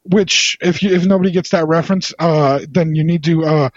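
A man's voice: a little high, fairly even intonation, fairly quick, dry recording. A man chatting casually about movies, enthusiastic and rambling, with playful teasing. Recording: slightly dull lo-fi sound.

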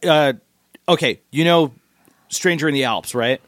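A man's voice: on the high side, unhurried, fairly bright tone, no room sound, studio quality. A man co-hosting a casual podcast chat, asking questions and talking with lots of fillers. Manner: asks questions, casual filler-heavy talk.

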